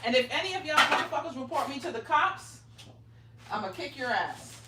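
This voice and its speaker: Brisk and sing-song, her voice sits high as this middle-aged woman crafts on a livestream from home. She's brash, swears and bosses viewers around playfully in casual chat. Background noise and roomy echo surround her distant, off-mic voice.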